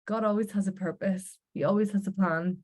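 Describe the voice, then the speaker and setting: A woman's voice: mid-range voice, steady tone, a little fast, a little mellow. A woman with a Northern Irish accent, giving an earnest, heartfelt personal faith testimony. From Northern Ireland. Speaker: Christian speaker sharing her testimony.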